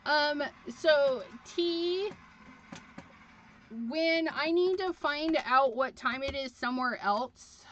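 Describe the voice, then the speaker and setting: A woman's voice: sits high, slow, a bit bright, a little hiss or hum. A woman hosts a live crafting stream and chats freely as she cuts and arranges paper. She rambles with plenty of fillers, in a slightly raised voice. The sound is muffled, like lo-fi stream audio. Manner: chatty and rambling, with frequent fillers. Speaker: crafting livestream host. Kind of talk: casual chat while crafting. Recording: dull lo-fi livestream audio.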